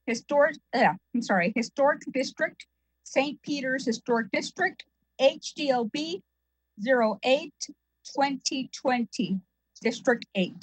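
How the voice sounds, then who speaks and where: A woman with a high voice chairs a board meeting, reading agenda items formally with small hesitations. The sound is dry and close, with no room echo. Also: a little slow. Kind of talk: chairing a virtual public meeting.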